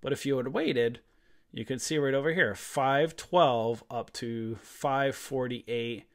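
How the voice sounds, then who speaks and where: A man's voice: medium pitch, takes it slowly. A man hosting a live trading lesson over a screen share, blunt and fired up, talking casually with mild swearing at a desk mic. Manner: fired-up, ranting, emphatic. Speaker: trading room host.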